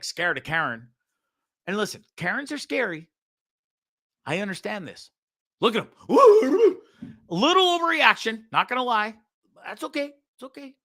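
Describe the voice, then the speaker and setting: Animated, foul-mouthed male host ranting. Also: high-pitched. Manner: profane, animated, sarcastic. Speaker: show host. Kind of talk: ranting video commentary.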